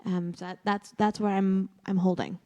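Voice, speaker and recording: Warm-toned female participant, thoughtful and hesitant, reverberant room. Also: mid-range voice, flat delivery, normal speed, lo-fi sound. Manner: reflective, hesitant. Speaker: class participant. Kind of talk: group discussion. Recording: long hall reverb.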